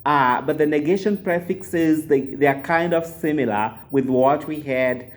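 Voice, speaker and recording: A man teaching a language lesson on a video call, patient and repetitive, pausing often with filler sounds. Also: fairly high pitch. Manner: patient, repeats words slowly, many filler uhs. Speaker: Swahili teacher.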